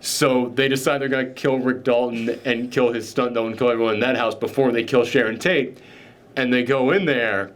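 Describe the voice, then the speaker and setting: A man's voice: medium pitch, fairly even intonation, fairly quick. A man giving a casual, candid, opinionated film review. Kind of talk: casual movie review chat.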